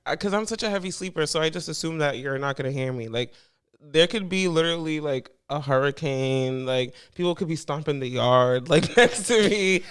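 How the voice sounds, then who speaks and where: Young guy, slangy and laid-back, smooth voice, a bit high. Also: moderate pace, a bit bright. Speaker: podcast co-host. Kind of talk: casual chat.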